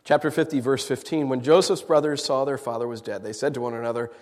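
A male pastor preaching a sermon with humorous asides, animated and full of rhetorical questions. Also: mid-range voice, quick pace, long reverb tail.

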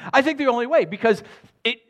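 A pastor preaches quickly to his congregation in a chatty, animated style, often slipping in "right?" When he reads scripture, his voice falls soft and low.

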